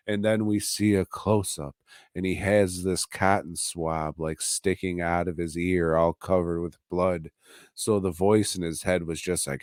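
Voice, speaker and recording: A man's voice: low voice, steady tone, darkish tone, clear, resonant tone, no room sound, clean studio sound. A man hosting a podcast from home, recapping a show in a casual, profane, offhand way. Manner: profane, offhand, slow and drawling. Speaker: podcast host reviewing a TV episode.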